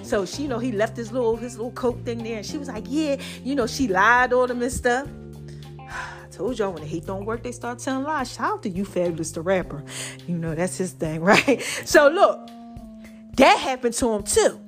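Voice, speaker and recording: A woman's voice: a little high, lively intonation, moderate pace, over music. A woman, telling a Bible story in a casual sermon style and often asking "right?". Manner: chatty, keeps asking "right?". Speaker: podcast host.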